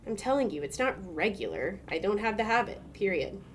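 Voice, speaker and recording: A woman's voice: mid-range voice, sing-song, fairly quick, slight background noise, close to an everyday voice. A woman voicing a wary male patient in a game, reading his lines in a defensive, indignant way. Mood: insistent. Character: wary middle-aged male patient under suspicion.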